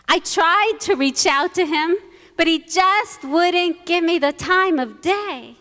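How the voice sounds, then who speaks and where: A woman rabbi giving a holiday sermon, telling stories with quoted voices and gentle humor. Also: high-pitched. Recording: long reverb in a large hall.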